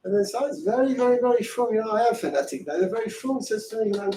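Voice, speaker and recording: A fervent middle-aged man with a high voice teaches a Torah class, piling on rhetorical questions and breaking into shouts. He is picked up from across an echoey room, with faint room hum behind him. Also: fast talker, few pauses, recorded from a distance.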